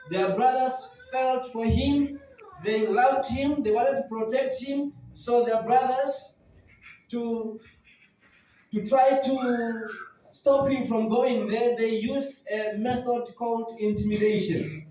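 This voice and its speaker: A man's voice: extremely high pitch, fairly even intonation, slow pace, dark tone, a little hiss or hum. A man preaching a sermon as pastor, retelling a Bible story dramatically. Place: church hall. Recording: very echoey church hall, mic at a distance.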